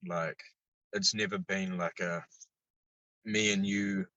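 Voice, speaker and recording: A man talks as a podcast guest in a loose, easygoing way and swears freely. His low voice has a forceful, bright edge. The recording sounds dull and dry. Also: takes it slowly, no room sound. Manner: laid-back, swears freely, lively when telling stories. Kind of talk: casual chat.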